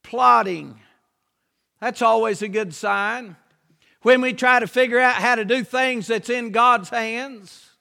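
Man preacher, slow and bright, reverb of a hall. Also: very high-pitched, vocal fry. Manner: folksy, emphatic preaching, shouting on key lines. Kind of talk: sermon.

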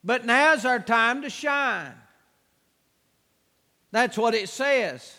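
High-voiced preacher in a ringing hall. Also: male voice, expressive, drawn-out words. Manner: emphatic, repetitive exhortations, rising to shouts. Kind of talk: sermon.

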